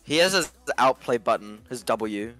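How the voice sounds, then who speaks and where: A man's voice: medium pitch, animated, normal speed, bright, forceful tone, faint music behind. A man chatting casually with friends during a game, joking and teasing. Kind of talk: casual gaming chat with friends.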